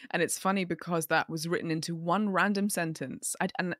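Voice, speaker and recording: A woman voice actor, a podcast guest, telling work stories in casual chat with animated, laughing energy. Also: on the low side, brisk, no echo, clean studio sound.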